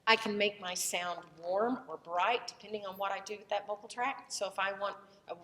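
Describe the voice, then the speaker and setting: A woman's voice: medium pitch, fairly even intonation, a little fast, bright, forceful tone, big-room sound, a little hiss or hum. A woman voice teacher who has a cold, explaining the vocal tract in a loose, conversational lesson and breaking into short vowel demonstrations.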